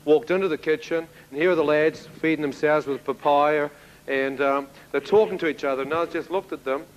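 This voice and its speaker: A man giving a spoken testimony to an audience, telling his story in an animated way and acting out the dialogue. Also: fairly high pitch, brisk, muffled recording. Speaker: speaker giving a personal testimony.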